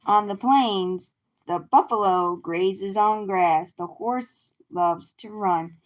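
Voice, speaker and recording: Brief: woman on a livestream reading a picture book aloud to kids, very slow and deliberate. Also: medium pitch. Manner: slow, clear read-aloud with animal sounds. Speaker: host reading picture books to children.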